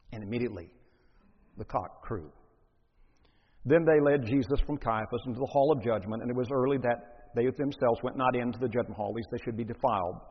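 Husky-voiced man preaching in a hall. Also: mid-range voice. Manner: reads scripture then preaches, deliberate emphasis. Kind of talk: sermon with scripture reading. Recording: dull lo-fi recording in a reverberant hall.

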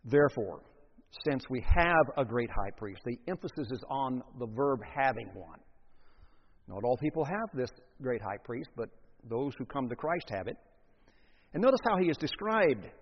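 A man's voice: mid-range voice, animated, moderate pace, slightly rough. A man preaching an expository sermon as pastor, earnest, with emphatic rises on key phrases. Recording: dull sound with long hall reverb.

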